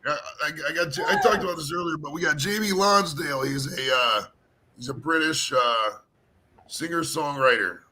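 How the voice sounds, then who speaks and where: A man hosting a live-streamed panel chat, hoarse from talking all day, rambling casually and swearing a lot. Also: fairly high pitch, moderate pace, sharp tone, rough recording. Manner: rambling, profane, laid-back. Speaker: panel show host.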